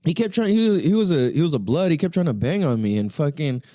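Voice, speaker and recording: A man's voice: on the high side, very animated, fast, warm tone, dry recording, studio quality. A young man hosting a podcast, telling a story in casual, profane slang full of fillers. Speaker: podcast host.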